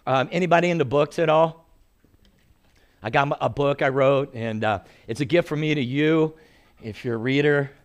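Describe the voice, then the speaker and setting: Older male pastor, animated storyteller with a joking sermon delivery. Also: medium pitch, normal speed, clear, resonant tone. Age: 60s.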